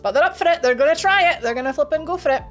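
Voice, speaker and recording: A woman streamer retelling a fantasy story with animated, chatty narration, slangy asides and self-corrections. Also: high voice, rapid-fire, faint music behind. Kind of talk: casual dramatic retelling of a story.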